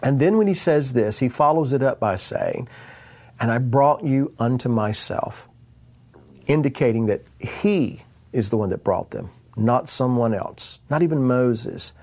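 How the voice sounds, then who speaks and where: A man preaching a sermon on scripture, speaking in a measured, deliberate way with emphatic pauses. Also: medium pitch, sing-song, darkish tone.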